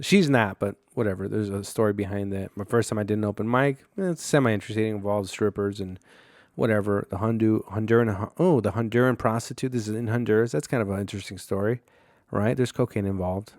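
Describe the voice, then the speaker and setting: A man's voice: fairly low pitch, no echo, clean studio sound. A man hosting a solo podcast, telling stories in a rambling, profane way full of fillers and restarts. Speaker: podcast host.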